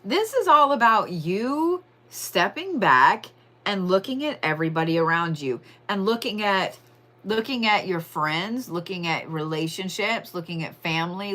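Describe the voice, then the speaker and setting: Woman, casual card reader, lowish voice with a sharp bright edge, swears freely and draws out key words. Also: expressive. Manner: chatty, profane, drawn-out emphasis. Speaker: tarot and astrology reader. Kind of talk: casual weekly horoscope reading.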